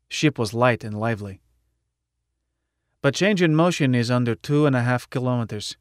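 A man reads an audiobook in the first person, at a steady, matter-of-fact pace. His voice sits at an ordinary middle pitch. The sound is dry and close to the mic, with no room echo. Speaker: audiobook narrator.

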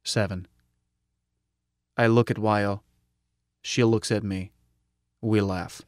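A man's voice: on the low side, fairly even intonation, slow, no room sound, clean studio sound. A man narrating a story in the first person, with blunt, clipped phrasing. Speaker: audiobook narrator.

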